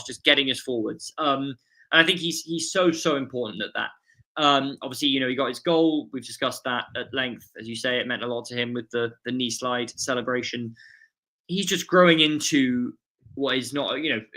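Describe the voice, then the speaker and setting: A man talks through a football match on a fan podcast, his voice bright and forceful. He thinks aloud, with plenty of ums and self-corrections. It is casual, unscripted chat about the game. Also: medium pitch. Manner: thoughtful, many fillers and restarts. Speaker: podcast pundit.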